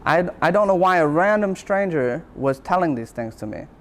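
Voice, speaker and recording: A man's voice: a little high, animated, moderate pace, a little hiss or hum. A man, a university lecturer, giving a motivational talk and telling his own story in an earnest, reflective way, repeating phrases for emphasis.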